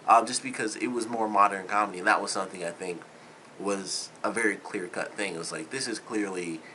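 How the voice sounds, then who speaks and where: A man's voice: lowish voice, fairly quick, sharp tone, a little hiss or hum, low-quality recording. A man giving a casual spoken movie review, rambling loosely with lots of "like" and "you know.".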